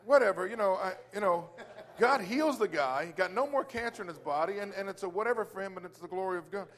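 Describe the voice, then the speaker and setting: A Christian business owner with a notably high voice gives a casual faith testimony, talking quickly with lively intonation. He rambles loosely, restarts sentences, leans on fillers and breaks into exclamations of praise.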